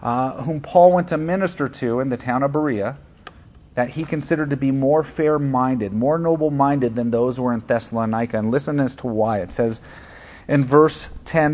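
A man's voice: mid-range voice, moderate pace, darkish tone. A male pastor preaching from the pulpit in a church. He speaks earnestly but casually, with frequent fillers and restarts as he talks to the congregation. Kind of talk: sermon.

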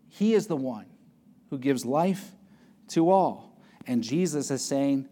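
A male preacher delivering a sermon in a fairly high voice. He reads verses aloud and then explains them, leaning hard on key words and letting his pitch and volume rise to drive each point home. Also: animated, a little fast. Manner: emphatic, varies pitch and loudness for stress.

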